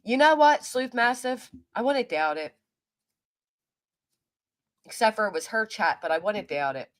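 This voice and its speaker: A woman's voice: on the high side, lively intonation, moderate pace. Fired-up, cursing woman streamer. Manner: heated, profane, talks back to chat. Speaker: live streamer. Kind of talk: angry livestream rant.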